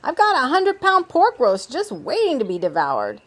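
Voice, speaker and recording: A woman's voice: sits high, wildly swooping pitch, normal speed, pitched above the performer's own voice. A woman voicing a friendly man who runs an island restaurant, in an upbeat, welcoming way.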